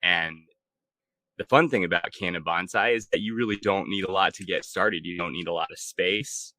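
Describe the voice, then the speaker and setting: Laid-back low-voiced man, bright tone. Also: moderate pace, no room sound, rough recording. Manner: relaxed, laid-back, many fillers. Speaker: podcast co-host. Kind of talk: casual podcast chat.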